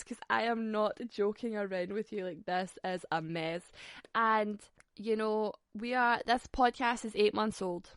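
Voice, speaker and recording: A woman's voice: medium pitch, clean tone, no room sound. Sassy woman, twenties, podcast host; sweary, giggly banter, dead-dry recording. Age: 20s. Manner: sweary, sassy, quick to laugh. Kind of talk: casual solo podcast chat.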